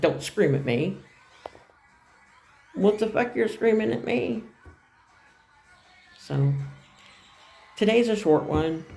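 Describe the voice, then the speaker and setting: A woman's voice: low voice, gravelly, darkish tone. A middle-aged woman telling a personal story on her vlog in a plain-spoken, rambling way, often repeating herself. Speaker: vlogger.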